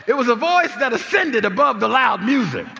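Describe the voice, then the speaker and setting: Animated older preacher in a reverberant hall. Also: male voice, very high-pitched, vocal fry, noisy background. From New Jersey. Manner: animated, repetitive, laughing storyteller. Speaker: pastor. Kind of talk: sermon with personal storytelling.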